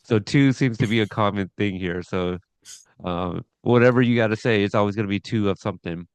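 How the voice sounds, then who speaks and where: Man, podcast host, casual episode recap, smooth resonant voice, dry close sound. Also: on the low side, brisk, dry recording. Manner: rambling, chuckling, reads scene notes aloud.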